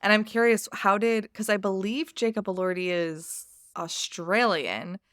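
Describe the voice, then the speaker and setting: Animated American woman, podcast guest. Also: medium pitch, a little slow, smooth, no echo, studio quality. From United States. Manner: emphatic, animated storytelling. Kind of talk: casual podcast chat.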